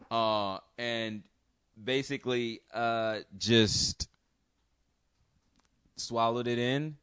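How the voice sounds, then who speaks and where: A man's voice: on the low side, a bit bright, smooth, no room sound. Man telling a rambling story, dry sound. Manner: rambling, profane, hesitant with restarts. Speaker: podcast host. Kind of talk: casual storytelling.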